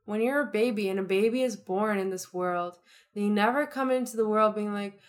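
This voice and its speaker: A woman's voice: medium pitch, a little fast. A young woman co-hosting a podcast, talking in an upbeat, chatty, motivational way. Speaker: podcast co-host. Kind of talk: casual chat.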